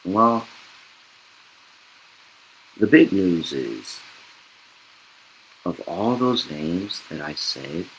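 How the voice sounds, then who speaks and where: A man's voice: low-pitched, fairly bright tone, a little hiss or hum, rough recording. A man hosting a sports betting podcast, talking casually and rambling, correcting himself as he goes and reading ads. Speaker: podcast host.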